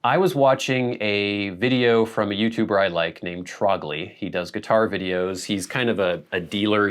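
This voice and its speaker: A middle-aged man from the Pacific Northwest hosts his own channel in a relaxed, chatty way. His voice sits fairly low, and he muses aloud with light laughs and frequent self-corrections. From Pacific Northwest, USA. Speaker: channel host. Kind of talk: casual vlog chat to camera.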